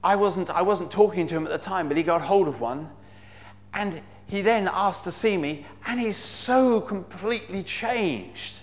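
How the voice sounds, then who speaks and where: A man quoting a woman prison chaplain, telling him her news in an eager, hurried way. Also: on the low side, pitched above the performer's own voice, lightly acted. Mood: moved.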